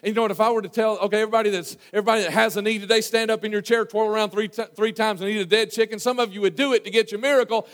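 A man preaches to his church in a folksy, storytelling way, stumbling through restarts as he goes. His voice sits high for a man and rings out with a long hall reverb. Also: fairly even intonation, very fast, few pauses. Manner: folksy, storytelling, many fillers and restarts, swings from hushed to loud. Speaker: pastor. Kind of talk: sermon. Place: church sanctuary.

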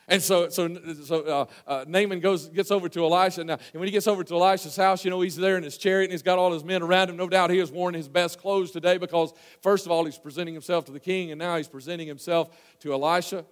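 A male pastor preaching a sermon in a church, folksy and storytelling, with many restarts, swinging from hushed asides to loud emphasis. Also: high voice, fairly even intonation, fast talker, hardly any pauses, in a large hall. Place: church sanctuary.

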